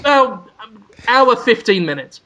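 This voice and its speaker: A man's voice: extremely high pitch, very animated, slow, pushed and bright. A man co-hosting a podcast, spinning absurd comic stories and acting out voices. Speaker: podcast co-host. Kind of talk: comedic casual chat.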